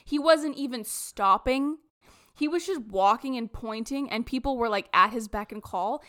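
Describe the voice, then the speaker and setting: Woman, podcast co-host, bright forceful voice, slightly high pitch, gushing, casual swearing. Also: lively intonation, measured pace. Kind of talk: casual chat about a film.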